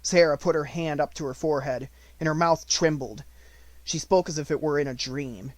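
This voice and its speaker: A man reading an unabridged audiobook in measured storytelling narration. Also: fairly high pitch, dry recording.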